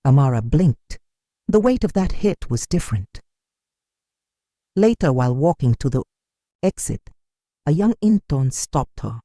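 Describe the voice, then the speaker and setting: Narrator, scripted story reading, warm, dry recording. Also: mid-range voice, sing-song, measured pace, long pauses, no echo.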